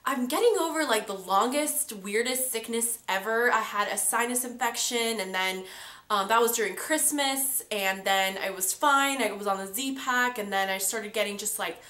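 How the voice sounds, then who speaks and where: Stuffy nasal girl in her 20s chatting beauty stuff, bright voice, echoey room. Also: a little high, moderate pace. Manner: chatty, lots of fillers. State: congested from a cold. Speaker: beauty vlogger. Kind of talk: casual chat to camera. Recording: roomy echo.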